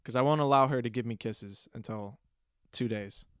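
A young man hosts a casual podcast monologue, rambling through a story with deadpan, playfully disgusted asides. His voice is smooth and resonant, recorded close and dry. His pitch sits in an ordinary middle range. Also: moderate pace, no echo. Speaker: podcast host.

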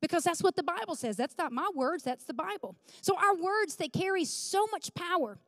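High-voiced woman preaching a sermon. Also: lively intonation, moderate pace, no room sound, clean studio sound. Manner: emphatic, conversational, asks the congregation questions.

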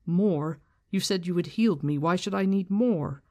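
A stubborn, wary young man who pushes back, as a reader gives his lines from a fantasy novel. The voice sits at a middle pitch, and each line is insistent. It is mostly the reader's own voice. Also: moderate pace, darkish tone, dry recording, lightly acted. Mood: defiant.

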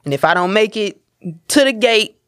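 A woman's voice: mid-range voice, lively intonation, moderate pace, smooth, no echo, studio quality. A woman chatting casually with friends, slangy and laughing often. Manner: laughing, slangy and laid-back. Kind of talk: casual chat.

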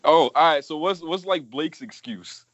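A man's voice: on the high side, normal speed, a bit bright, dry recording. A man in casual film chat, reacting in a laid-back way and swearing. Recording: dull lo-fi recording.

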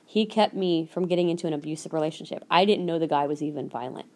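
This podcast host speaks quickly in a low, somewhat dark voice. Recounting something from her own life, she stays relaxed and sincere while imitating the people whose words she repeats.

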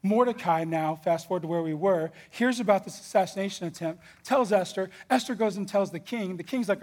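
High, husky man retelling a Bible story. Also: a little fast, few pauses. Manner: animated, conversational, slangy. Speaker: Bible teacher.

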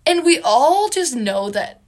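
Young woman podcast co-host, from Wisconsin, teasing and giggly, fairly high voice. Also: sing-song, a little slow, over a noisy crowd. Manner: playful, teasing, giggly banter. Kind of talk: casual podcast chat.

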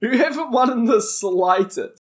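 A woman's voice: on the high side, expressive, measured pace. A woman playing a tabletop game, teasing the others in casual chat. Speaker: player.

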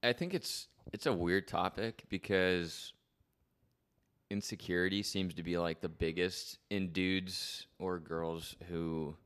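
A young man, speaking in a notably low voice. He is laid-back and teasing as he trades banter on a casual podcast. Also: fairly even intonation, takes it slowly, fairly bright tone, smooth. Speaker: podcast co-host.

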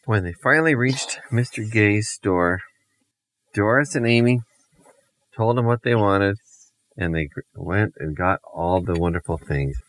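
Low-voiced dad type, playful deadpan storyteller, good for improvised bedtime tales. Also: male voice, measured pace, low-quality recording.

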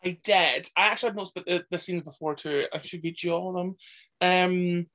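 A man's voice: high-pitched, steady tone, brisk, bright, forceful tone. A man who is a podcast guest, chatting casually and animatedly about a film, laughing often and acting out quotes. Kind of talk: casual chat.

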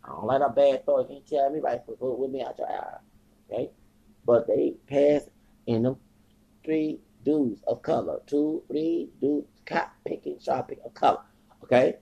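Gravelly-voiced man ranting, lo-fi sound. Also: mid-range voice, moderate pace, mellow. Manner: agitated, profane, repeats himself. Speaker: podcast host. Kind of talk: rambling casual monologue. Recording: dull lo-fi recording.

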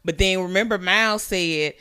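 A woman's voice: medium pitch, bright, forceful tone, smooth. A woman co-hosting a podcast in casual chat, recapping and cutting in with blunt, joking reactions. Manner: quick reactive interjections, blunt humor. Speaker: podcast co-host.

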